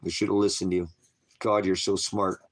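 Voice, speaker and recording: Brief: low-voiced grieving father, tearful and pleading, cracking up on camera. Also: level tone, brisk. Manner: distraught, voice breaking, pleading and self-blaming. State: crying, struggling to keep composure. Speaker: father making a video appeal. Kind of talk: emotional personal video message.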